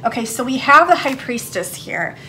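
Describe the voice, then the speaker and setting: A woman's voice: sits high, sing-song, normal speed, sharp tone, a little hiss or hum. A woman giving a casual tarot card reading for her channel, chatting in a rambling way with lots of fillers. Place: her home, downstairs.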